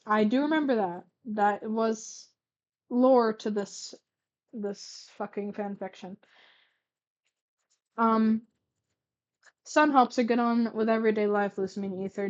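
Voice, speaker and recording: A woman's voice: mid-range voice, steady tone, moderate pace, darkish tone, highs cut off. A young woman reading old fanfiction aloud, stumbling over words and breaking off for sarcastic asides. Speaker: reader.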